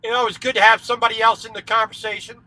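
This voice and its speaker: Talking very fast in a high, flat voice, a trucker chats on a livestream from his cab through a headset while background noise carries on. He rambles, jumps between thoughts, repeats himself and laughs readily.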